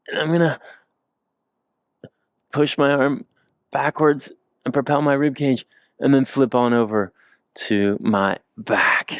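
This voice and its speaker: A male movement instructor guiding slow floor exercises, cracking self-mocking jokes between cues. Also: medium pitch, no room sound, studio quality. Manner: joking, self-mocking asides while demonstrating. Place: indoors on the floor. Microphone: handheld or clip mic he keeps moving.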